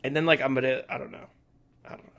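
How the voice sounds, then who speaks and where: A young man with a Texan accent who co-hosts a movie podcast. He talks in a relaxed, joking way and often lets his sentences drift off into a softer voice, with a pitch in the middle range. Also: fast. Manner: laid-back, joking, often trailing off quietly. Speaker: podcast co-host. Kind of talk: casual chat.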